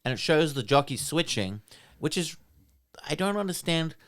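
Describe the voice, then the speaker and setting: Relaxed Australian man recapping. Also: on the high side. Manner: relaxed storytelling recap with frequent "um" pauses. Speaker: podcast co-host. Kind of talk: casual recap chat.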